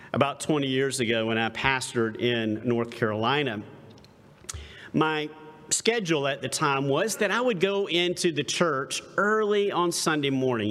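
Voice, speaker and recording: A middle-aged male pastor preaching in a church sanctuary, his slightly high voice swooping up and down as he tells a story. He leans on dramatic pauses and rhetorical questions. Long reverb trails off the hall around him. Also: fairly bright tone. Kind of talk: sermon.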